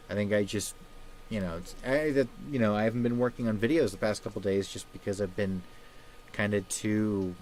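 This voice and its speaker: A man hosting a casual livestream, talking in a subdued, halting way with many fillers while feeling sad. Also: fairly low pitch, a little hiss or hum. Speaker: livestream host.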